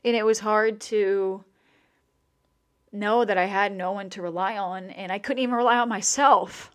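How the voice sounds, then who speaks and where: A young adult woman talks straight to her listeners about something personal. She is candid and emotional, swears freely and often stops to restart a sentence. Her pitch sits in a normal middle range. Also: fairly even intonation, moderate pace.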